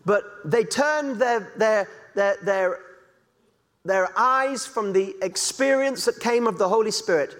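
A higher-voiced man with a Yorkshire accent preaches with the long reverb of a large hall around him. He talks conversationally and slips into different voices to act out small scenes. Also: slow pace, fairly bright tone. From Yorkshire, England. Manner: conversational, acts out little dialogues in different voices. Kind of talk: sermon.

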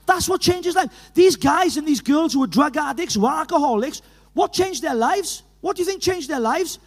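A middle-aged man with a Welsh accent from Llanelli, preaching an animated evangelistic sermon in a church hall, full of stories and urgent calls. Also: very high-pitched, normal speed. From Wales. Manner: animated, storytelling with laughs, rising to urgent calls. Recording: reverberant hall.

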